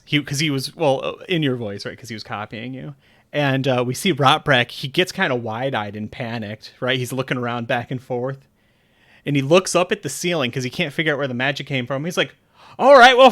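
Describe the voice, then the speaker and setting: A man's voice: mid-range voice, a bit bright. A man narrating as game master in a casual, swearing, laughing tabletop game session.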